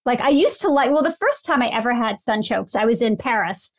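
A woman, a food writer, chatting casually as a podcast guest, emphatic and opinionated with quick asides. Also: a little high, expressive, no room sound.

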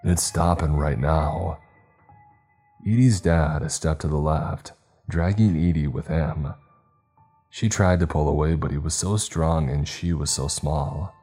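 A man narrating a story in a steady, measured reading. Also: extremely low pitch, breathy edge. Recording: faint background music.

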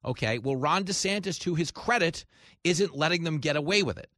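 A man hosting a comedic political talk radio show, talking in an animated way and acting out voices in quotes. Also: a little high, fairly quick, no echo, clean studio sound. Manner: animated, acts out voices in quotes, rising to shouts.

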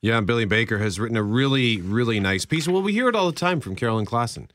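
A man's voice: mid-range voice, fast. A middle-aged man, co-hosting a radio show and telling wry anecdotes. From Winnipeg, Canada. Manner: wry storyteller, animated delivery. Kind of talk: casual on-air chat. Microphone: studio microphone.

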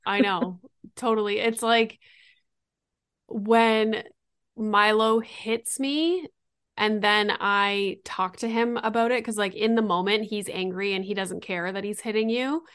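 A woman's voice: mid-range voice, steady tone, measured pace, a bit bright, smooth, no room sound, studio quality. A woman hosting a podcast in casual chat, talking freely and filling her speech with "like". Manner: chatty, says "like" often. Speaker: podcast host.

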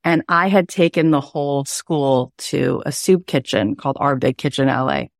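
Woman host, 40s, deep voice, emotional and chatty storytelling, dry booth sound. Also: normal speed, dry recording. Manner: warm, emotional, chatty with many "like" fillers. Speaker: podcast host and coach. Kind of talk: personal storytelling on a coaching call.

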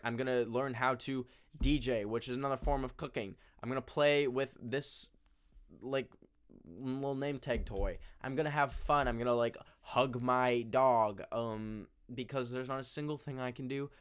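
A man's voice: mid-range voice, smooth. A young man hosting a casual solo podcast from his bedroom, rambling and swearing with lots of fillers. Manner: rambling, profane, filler-heavy, animated. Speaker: podcast host. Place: home bedroom, sitting on carpet.

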